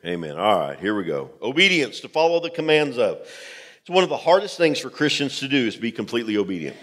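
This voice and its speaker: A man's voice: medium pitch, very animated, fast talker, a bit bright. A man preaching a sermon as pastor to his congregation, emphatic and direct, repeating key phrases. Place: church sanctuary. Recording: long hall reverb from a church.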